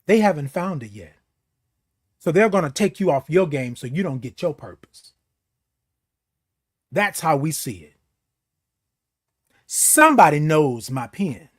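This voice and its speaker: Animated high-voiced man preaching uplift. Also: unhurried, pauses often. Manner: preachy, repetitive, makes beeping sounds. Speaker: host. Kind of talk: motivational morning talk. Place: seated in a chair.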